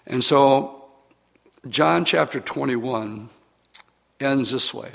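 A man's voice: mid-range voice, takes it slowly, vocal fry, fairly bright tone. A man preaching a sermon, retelling scripture in a conversational, storytelling way with casual fillers.

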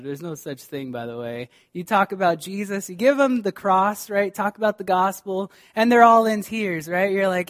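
A man's voice: extremely high pitch, lively intonation, moderate pace, hardly any pauses. A man preaching a sermon as pastor, speaking fervently and directly to his congregation, often restarting his sentences.

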